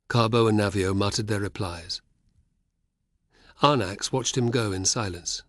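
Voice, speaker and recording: A man narrating an audiobook in a measured, even way. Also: on the low side, no echo, studio quality. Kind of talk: scripted narration.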